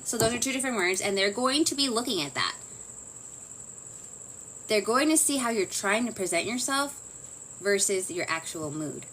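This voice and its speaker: A woman's voice: fairly high pitch, fairly bright tone, slight background noise, poor audio. A woman giving a casual, chatty psychology lesson, full of fillers and self-corrections. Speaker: psychology teacher. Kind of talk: casual lecture.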